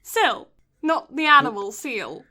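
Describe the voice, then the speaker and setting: A woman's voice: high-pitched, big pitch swings, slow pace, sharp tone. A woman co-hosting a podcast in casual chat, with a Southern US accent, teasing and giggling often. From Southern United States. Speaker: podcast co-host.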